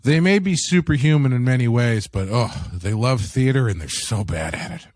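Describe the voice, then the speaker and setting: A man's voice: medium pitch, expressive, moderate pace, a little mellow, natural voice. A man voicing a whimsical, smug male geneticist trickster in a wry, self-satisfied tone.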